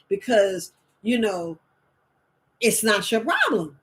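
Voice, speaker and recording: Chatty, animated woman herbalist. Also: a little high, moderate pace. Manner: animated, chatty, repeats herself, laughs often. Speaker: herbalist host. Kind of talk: casual live-stream talk.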